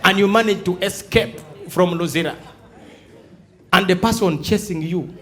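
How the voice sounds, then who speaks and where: High-voiced Ugandan man doing stand-up. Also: moderate pace, some chatter behind. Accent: Ugandan English. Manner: animated, acts out dialogues in shifting voices. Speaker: stand-up comedian. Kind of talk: live stand-up comedy. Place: large theatre stage before a live audience.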